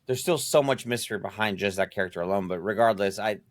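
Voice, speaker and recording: A man with a lowish voice rambles enthusiastically in podcast chat and swears casually. The sound is dry and close, with no room echo. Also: quick pace. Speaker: podcast co-host.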